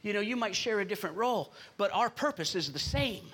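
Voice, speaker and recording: A man's voice: high-pitched, animated, a little fast, a bit bright. A man preaching a sermon as pastor in a church, emphatic and calling out to the congregation for responses.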